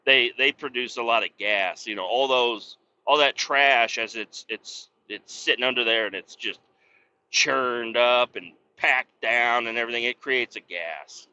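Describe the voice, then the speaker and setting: A man who hosts a podcast, ranting in a casual, profane, sarcastic way while he drives his truck down the highway. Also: a little slow, pushed and bright, smooth. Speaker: podcast host. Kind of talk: casual rant while driving. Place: inside a moving truck on the highway. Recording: dull lo-fi sound.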